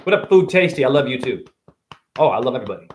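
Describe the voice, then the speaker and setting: A man in a rambling live-stream monologue, full of rhyming wordplay and sudden jumps in pitch and pace. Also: very animated, quick pace, a little mellow, slight background noise. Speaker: self-styled spiritual teacher streaming live.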